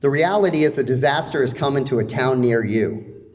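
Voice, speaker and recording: A man's voice: mid-range voice, animated, a little fast. A man, a former mayor, giving an earnest public speech to a room of people, with some restarts. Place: event room with an audience.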